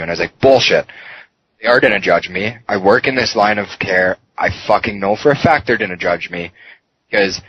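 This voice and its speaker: A man's voice: deep voice, fast talker, fairly bright tone. A man, a podcast guest, telling his story in a raw, emotional way, swearing often and full of fillers. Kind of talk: candid personal interview. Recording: muffled podcast audio with faint noise.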